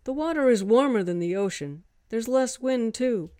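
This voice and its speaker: Woman doing a crisp, formal young man. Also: fairly high pitch, animated, moderate pace, mellow, no room sound, clean studio sound, voice pushed up, close to an everyday voice. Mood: earnest.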